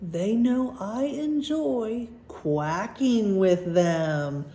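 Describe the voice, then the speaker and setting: A woman voicing a prim female teacher who is fussy but softening, reading a storybook aloud. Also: mid-range voice, lively intonation, very slow. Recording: roomy echo.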